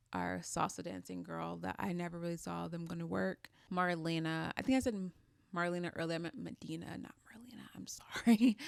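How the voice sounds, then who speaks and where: Woman, twenties, casual recap host, opinionated, chatty, low voice, gravelly fry. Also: no room sound. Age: 20s. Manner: chatty and opinionated, many "like" fillers.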